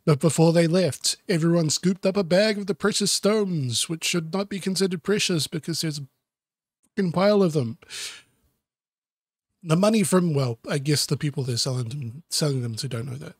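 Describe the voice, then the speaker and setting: A man with a fairly high voice reads a children's picture book aloud and breaks off for deadpan, sarcastic asides aimed at himself. The recording is close and dry, with no room sound. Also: normal speed, breathy edge, dry recording. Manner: deadpan, self-mocking asides. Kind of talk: sarcastic comedic book reading.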